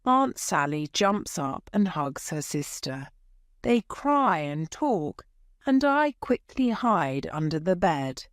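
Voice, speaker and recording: Slow, expressive woman storyteller. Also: low-pitched, dry recording, studio quality. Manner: slow, clear, expressive reading. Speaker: audiobook narrator. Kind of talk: graded-reader story narration.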